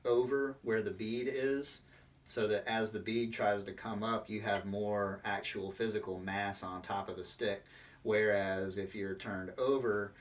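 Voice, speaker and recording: A man's voice: on the low side, fairly bright tone, recorded from a distance. A man, a percussion instructor, explaining drum technique in an online lesson with many fillers.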